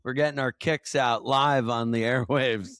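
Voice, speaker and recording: A man's voice: mid-range voice, steady tone, normal speed, a bit bright, smooth, dry recording, clean studio sound. A man hosting a podcast who leads the conversation with a playful, teasing manner. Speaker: podcast host. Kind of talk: casual chat.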